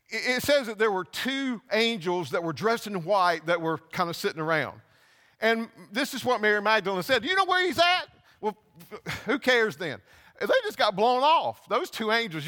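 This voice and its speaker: Animated preacher in an echoey hall. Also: male voice, high-pitched. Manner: animated storytelling, acting out scripture voices, halting restarts. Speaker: pastor. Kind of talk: sermon. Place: church.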